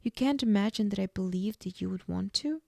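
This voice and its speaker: Brooding heartbroken male vampire, read plainly by a woman, mellow and gravelly. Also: medium pitch, fairly quick, dry recording, studio quality, lightly acted.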